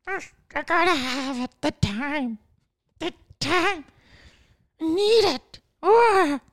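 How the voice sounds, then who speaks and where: A man voicing a hunched, grasping male creature who craves his treasure, in a drawn-out, pleading way. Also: very high voice, animated, fairly bright tone, voice pushed up, heavily acted. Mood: desperate.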